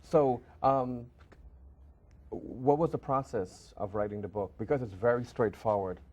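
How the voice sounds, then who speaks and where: Man, talk show host, casual interview, halting, hesitant. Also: mid-range voice, a little mellow, highs cut off. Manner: hesitant, many ums and restarts.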